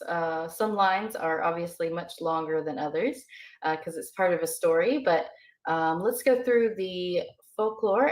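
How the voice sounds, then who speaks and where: A woman teaching beginner vocabulary in a casual, hesitant way, with many ums and uhs. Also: lowish voice. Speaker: language teacher. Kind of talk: casual lesson explanation.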